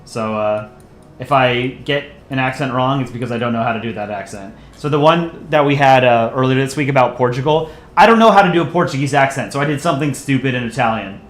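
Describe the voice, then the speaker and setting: Speaking briskly in a mid-range voice, this man hosts a livestream and voices characters for the channel. He rambles through viewer messages, joking and poking fun at himself. Roomy echo and faint ambience fill the recording.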